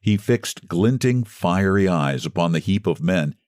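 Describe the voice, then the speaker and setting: A man narrating a classic short story with expressive storytelling delivery, close to the mic. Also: low-pitched, measured pace, no echo.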